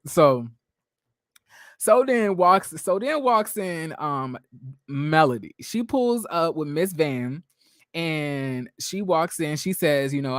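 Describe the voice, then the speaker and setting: Blunt, animated man recapping TV. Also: on the high side, no echo, clean studio sound. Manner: animated, restarts and laughs, blunt slang. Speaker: recap vlogger. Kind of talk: casual reality-TV recap commentary.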